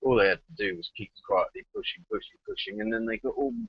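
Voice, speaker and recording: Man, husky, dry close sound, blunt and sweary on a lo-fi call. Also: fairly low pitch, huge pitch swings, quick pace, no room sound. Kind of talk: casual online discussion.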